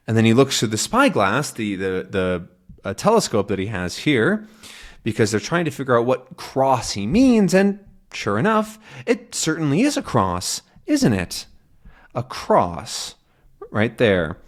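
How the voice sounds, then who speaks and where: A young man teaching English, explaining a comic slowly and clearly for learners. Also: medium pitch. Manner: slow, clear and animated.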